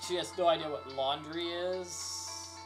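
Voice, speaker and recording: A man's voice: on the high side, steady tone, measured pace, over music. A man livestreaming a game he made, joking and commenting while he reads the characters' lines aloud. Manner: joking, playful, reads all the characters himself. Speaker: game developer streaming his own game.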